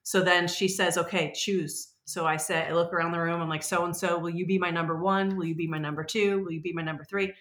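A woman in her forties talks in a casual, rambling way and gets animated as she acts out quoted voices. Her voice is bright and forceful and sits a little low for a woman. It sounds echoey, as if recorded in a bare room. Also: fairly quick, few pauses. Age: 40s. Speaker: podcast guest. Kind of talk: casual conversational storytelling.

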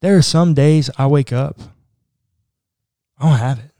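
Mellow-voiced pastor talking earnestly. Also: male voice, fairly high pitch, measured pace, long pauses, dry recording, clean studio sound. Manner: earnest, conversational, says "like" often. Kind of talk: podcast discussion.

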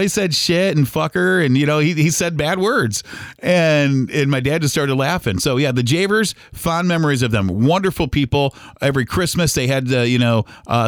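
Middle-aged male host from Ohio, casual meandering storyteller, mid pitch, dry close sound. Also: no room sound. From Toledo, Ohio. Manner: rambling, with many fillers and restarts. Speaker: podcast host. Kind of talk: casual reminiscing monologue.

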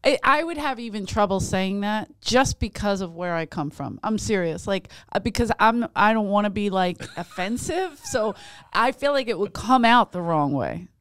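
Animated woman telling stories on a podcast. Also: normal speed, dry recording. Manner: animated storyteller, squeals quoted lines high, laughs often. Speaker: podcast co-host. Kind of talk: casual comedic chat.

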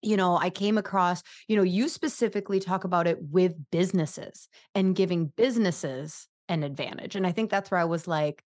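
A woman's voice: lowish voice, moderate pace, few pauses, darkish tone. An American woman hosting a podcast, chatting in a bubbly, self-deprecating way and leading a short prayer. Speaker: podcast host. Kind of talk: casual podcast chat and spoken prayer.

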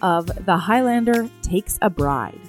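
A woman's voice: mid-range voice, animated, a little slow, faint music behind. A woman podcast co-host chatting casually over a remote call, giggly and reassuring. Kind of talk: casual chat.

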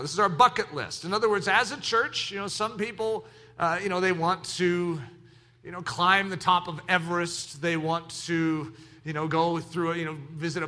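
A man preaching a sermon as pastor of his church, animated, moving from quiet asides to shouted exclamations. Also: sits high.

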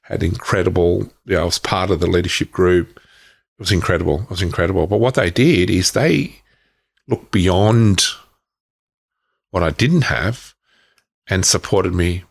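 A middle-aged man with a very low voice and plenty of gravel in it. He recounts his past frankly, in stops and restarts, with the occasional curse. His tone is candid and unpolished. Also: normal speed, long pauses. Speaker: guest. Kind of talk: candid personal storytelling.

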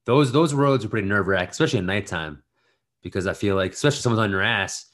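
A man with a somewhat low voice, chatting casually as a podcast co-host. He jokes and chimes in with quick remarks before settling into longer stories. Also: a bit bright. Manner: joking, quick interjections. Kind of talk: casual chat.

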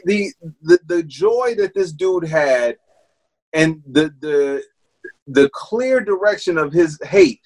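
High-voiced man ranting emphatically. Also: darkish tone, low-quality recording. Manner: emphatic, profane, fires rhetorical questions. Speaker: podcast co-host. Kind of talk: casual political chat.

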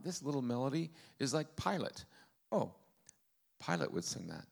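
A man's voice: mid-range voice, sing-song, moderate pace, gravelly. A man preaching a testimony sermon, telling his story in an earnest way with a dry, self-mocking humor.

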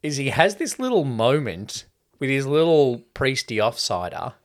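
A man in casual podcast chat who rambles through a film's plot and swears easily. His voice sits at a middling pitch for a man. He talks loosely and circles back on himself as he goes. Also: big pitch swings, moderate pace. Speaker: podcast co-host. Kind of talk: casual film-review chat.

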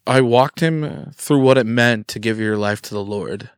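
A man telling a lively story in casual chat, acting out the quotes as he goes. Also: mid-range voice, measured pace, clear, resonant tone, no echo, studio quality. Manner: animated, acts out quotes in his story. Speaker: guest.

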